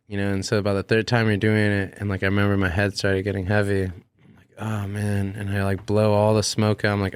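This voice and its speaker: A young man, a podcast guest, telling a long personal story in casual chat, animated and swearing freely as he acts out what he said. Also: lowish voice, smooth, no echo, clean studio sound.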